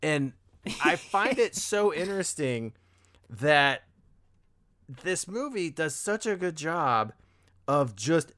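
Animated young man rambling about movies. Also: on the high side. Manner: rambling, self-correcting, animated when excited. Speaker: podcast co-host. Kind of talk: casual movie podcast chat.

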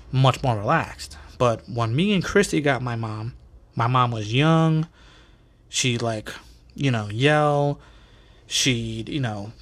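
A man in his thirties talks through his own podcast in a relaxed, rambling way. He drops curse words and calls the listener "bro" and "dude" as he tells stories about his family. His voice sits at an ordinary middle pitch. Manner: loose and profane, peppered with "bro" and "dude". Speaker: podcast host. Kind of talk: casual storytelling monologue.

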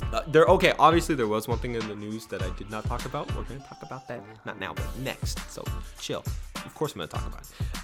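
Rambling young man on a sports podcast. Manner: rambling, self-correcting, animated with pitch jumps. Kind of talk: casual solo sports podcast.

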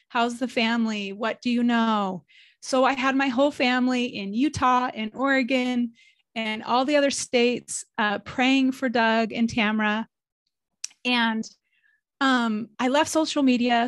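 A woman's voice: on the high side, dry recording. A woman hosting a faith podcast, talking in an emotional, chatty way as she introduces her guests. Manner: warm-hearted, emotional, chatty. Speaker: podcast host.

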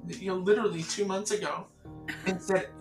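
A woman's voice: medium pitch, a little fast, echoey room, over music, poor audio. A woman from the Catskills, a songwriter, telling stories in a casual interview and acting out the people in them. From Catskills, New York. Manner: animated storyteller acting out quoted voices. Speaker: songwriter guest.

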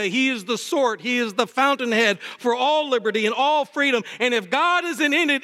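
A man preaching a sermon as pastor, with impassioned delivery that swings between fervent highs and low, emphatic lines. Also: normal speed, few pauses, sharp tone. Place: church sanctuary. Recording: long reverb of a church hall. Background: hall reverb.

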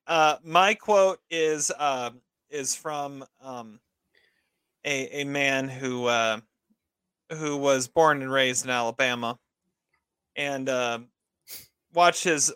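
A man hosting a relaxed movie podcast, talking slowly in a bright, crisp voice. He is easygoing and laughs often. The sound is dry and close-miked. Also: mid-range voice, no room sound. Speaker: podcast host. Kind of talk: casual movie podcast chat.

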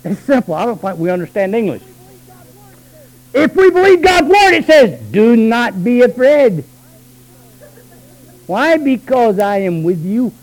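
A high-pitched male preacher, delivering a sermon. He talks quickly and low in his asides, then climbs into long, shouted, stretched-out lines. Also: sing-song, poor audio. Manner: swings from low talk to high shouted calls.

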